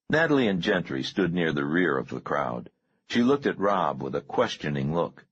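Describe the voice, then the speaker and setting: A male audiobook narrator with a deep, very husky voice reads in a measured, grave way. His pitch moves widely while his pace stays slow. The recording sounds dull and lo-fi. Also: big pitch swings. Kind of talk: scripted narration.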